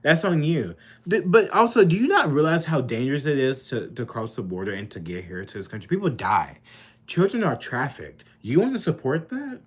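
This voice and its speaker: Man, angry vlog rant, profane and repetitive, voice swinging high and low. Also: very animated, normal speed, slightly rough. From Kentucky, US. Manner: heated, profane, repeats himself, rising outbursts. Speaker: political vlogger.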